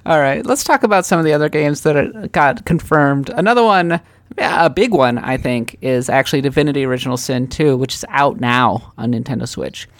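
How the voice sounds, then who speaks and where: A woman's voice: extremely low pitch, animated, fairly quick, dry recording, clean studio sound. A woman from Minnesota co-hosting a casual podcast chat, wry and opinionated with a teasing edge. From Minnesota, USA. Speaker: podcast co-host.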